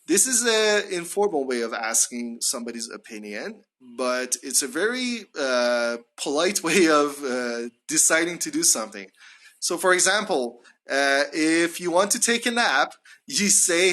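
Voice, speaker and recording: A young man gives a live English lesson in a bright, forward voice with a slightly raised pitch. He stretches out his example phrases and pushes his intonation up high on tag questions. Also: expressive, normal speed. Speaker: English teacher.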